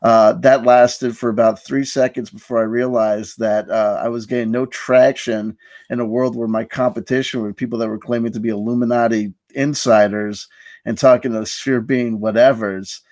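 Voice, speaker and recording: A man's voice: medium pitch, level tone, moderate pace, darkish tone, dry recording. A man hosting a live online stream, telling a story in a mock-grandiose, self-mocking way. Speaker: host. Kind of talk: casual live-stream chat.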